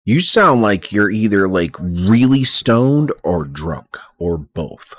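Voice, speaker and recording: A man's voice: lowish voice, big pitch swings, slow pace. A young man streaming live while coding, chatting bluntly and swearing as he restarts his sentences.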